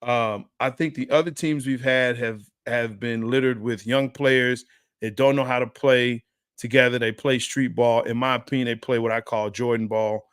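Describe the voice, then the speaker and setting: A man's voice: medium pitch, fairly even intonation, normal speed, smooth, no room sound, clean studio sound. A man co-hosting a sports show, in a casual, joking, trash-talking chat with laughs. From Dallas area. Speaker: sports podcast co-host.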